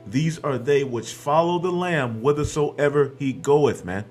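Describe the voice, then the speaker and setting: A man's voice: on the high side, unhurried, darkish tone. A man preaching a scripture-reading sermon, quoting verses aloud and tagging his points with "man" and "okay", with a faint hint of music behind.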